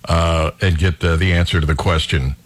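A male radio talk show host, chatting casually, laughing often and pausing with many uhs. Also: low-pitched, steady tone, no room sound.

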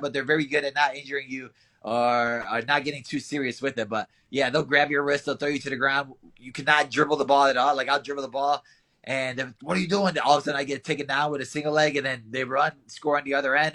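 A young man, an interviewed fighter, answering casually, laughing often and telling stories. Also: fairly high pitch. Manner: relaxed, laughs often, storytelling with acted quotes.

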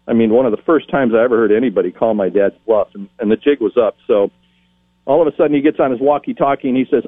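A man's voice: mid-range voice, fast talker, husky, no echo. A middle-aged man, a game show announcer, telling stories in an interview and acting out the voices he quotes. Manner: animated storyteller acting out quotes. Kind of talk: storytelling interview. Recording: tinny phone-like line.

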